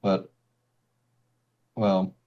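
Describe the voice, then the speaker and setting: A man voicing a calm, measured male ninja commander in a tabletop game, speaking with hesitant pauses. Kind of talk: game master voicing a character. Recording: slightly dull lo-fi audio.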